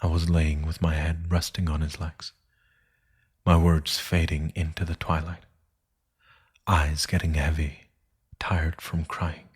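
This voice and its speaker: A man narrating a dark thriller story in a solemn, hushed manner that often sinks to a whisper. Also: a bass voice, level tone, takes it slowly, long pauses, breathy edge.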